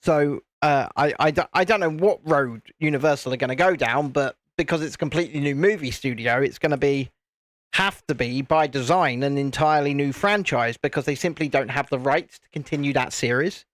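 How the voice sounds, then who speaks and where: British guy with a high voice chatting to his stream, laid back and jokey, dry sound. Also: fairly quick, a bit bright, dry recording. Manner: chatty, answers viewers, laughs often. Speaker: livestream host. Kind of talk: casual chat while building Lego.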